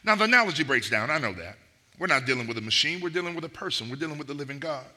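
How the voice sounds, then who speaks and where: A middle-aged man delivers a sermon in a church with emphatic, repeating cadences. His voice is very bright and forceful, sitting a little high for a man. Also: very animated, very fast. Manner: emphatic preaching with repeated phrases. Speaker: pastor.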